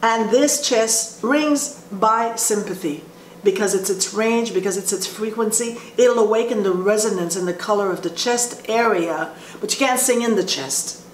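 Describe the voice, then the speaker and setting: In a mid-range voice, a woman teaches vocal placement with sung demonstrations, her explanation slow and halting with frequent restarts. Echo fills the room, and faint ambient noise sits underneath.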